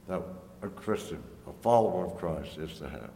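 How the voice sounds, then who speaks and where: A man preaching a sermon in a church, earnest and slow, pressing the congregation with emphatic questions. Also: low voice, animated, vocal fry, dark tone. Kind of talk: sermon with invitation. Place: church sanctuary. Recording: echoey hall, long reverb, faint ambience.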